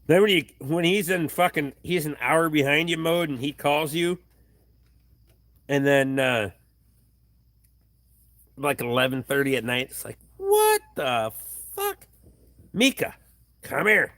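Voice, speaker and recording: A man reads viewer comments aloud on a casual, profane livestream, his voice a little high and a bit bright, his pace a little slow with frequent pauses. He swears in a blunt, offhand way, filmed on a tripod camera in his home workshop, and the studio-quality sound has no room sound.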